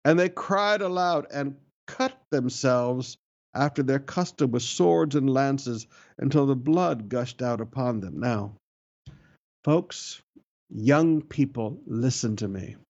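A man's voice: medium pitch, animated, slow pace, darkish tone, muffled recording. Man preaching a sermon, emphatic. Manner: preaching with emphatic lifts and repeated phrases. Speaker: pastor.

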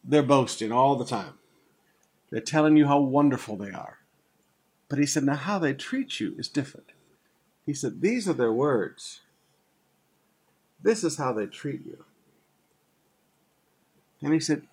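A man's voice: mid-range voice, lively intonation, measured pace, long pauses, darkish tone, slightly rough. An older man preaching a sermon, teaching through a Bible passage in a conversational way, with asides and repeated phrases. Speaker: pastor.

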